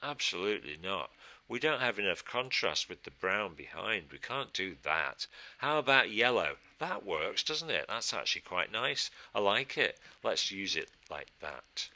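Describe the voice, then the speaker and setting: Male design instructor, chatty and self-talking, slightly low voice with a sharp, very bright edge. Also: big pitch swings, a little slow. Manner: chatty, thinks aloud, asks and answers his own questions. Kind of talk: casual screen-recorded design tutorial. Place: studio.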